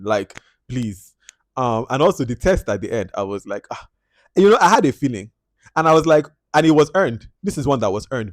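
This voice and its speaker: A man's voice: mid-range voice, no echo, clean studio sound. A man with a Nigerian English accent giving a casual film review, animatedly acting out lines and dropping into pidgin. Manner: animated, acts out lines and quotes with mixed-in pidgin. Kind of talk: casual movie review to camera.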